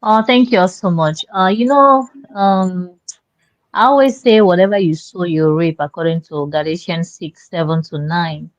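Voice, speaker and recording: A woman co-host with a lowish voice speaks in a preachy tone and quotes scripture. Her audio is dull and sounds far from the mic. It comes in over a remote line. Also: measured pace, no room sound.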